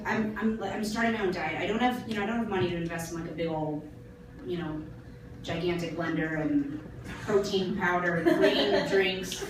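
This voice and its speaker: A young woman in her twenties performing a live stand-up set on a small theater stage, self-deprecating and wry with drawn-out pauses. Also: lowish voice. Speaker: stand-up comedian. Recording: echoey theater from far off with loud ambient noise. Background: audience laughter.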